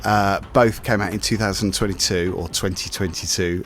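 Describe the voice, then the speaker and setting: A man hosting a casual film review chat, chatty and quick to laugh. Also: lowish voice. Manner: chatty, animated, laughs often. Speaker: podcast host.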